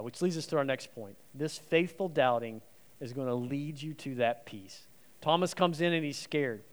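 A man preaching a sermon as a guest preacher, swinging between loud emphasis and quiet, soft passages. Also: medium pitch, moderate pace.

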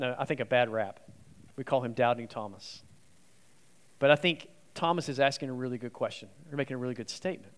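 A man giving a conversational, emphatic sermon as a guest preacher in a church. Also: medium pitch. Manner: earnest, emphatic, acts out quoted speech. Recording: long reverb of a large hall.

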